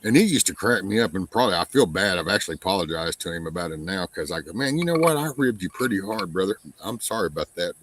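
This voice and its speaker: A man's voice: sits low, expressive, fast, few pauses, background noise. A man chatting casually as host, telling stories, mimicking other people's voices and swearing freely. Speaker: podcast host. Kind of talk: casual chat.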